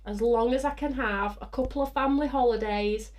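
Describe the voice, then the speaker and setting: A bubbly woman hosts a live craft stream, her voice sitting a little high. She chats with excitement, whoops, laughs, and greets viewers as she reads their comments aloud. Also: brisk. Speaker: host of a live craft show.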